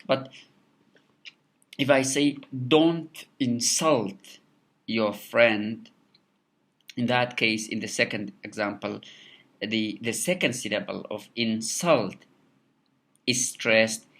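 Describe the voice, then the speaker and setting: Slow, halting male teacher. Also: fairly low pitch, fairly bright tone. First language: Kurdish. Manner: halting, many repeated words and fillers. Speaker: English teacher. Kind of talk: recorded lecture.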